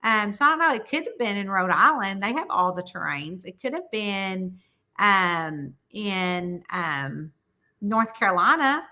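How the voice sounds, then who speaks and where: A middle-aged woman, chatting casually with viewers on a livestream about her books. She talks in an animated, chatty way and laughs often. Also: measured pace. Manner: chatty, animated, laughs often, quotes people in high voices. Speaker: mystery author hosting a livestream.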